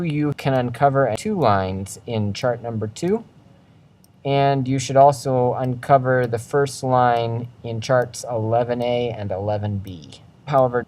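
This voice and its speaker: Man, language teacher, recorded slide lecture, patient explaining, voices example phrases with rising and falling pitch, middle pitch. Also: darkish tone, low-quality recording.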